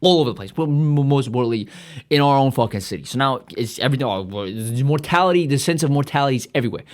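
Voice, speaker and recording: A man's voice: mid-range voice, animated, very fast. A man hosting a podcast, ranting in a rambling, profane comedic monologue full of restarts. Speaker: podcast host.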